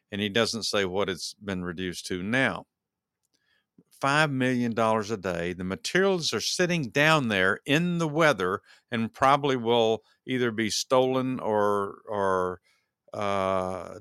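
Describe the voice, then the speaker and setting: A man's voice: lowish voice, fairly bright tone, smooth, no echo, studio quality. A man hosting his own podcast, giving solo political commentary in a heated, ranting way and repeating words as he works himself up. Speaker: podcast host.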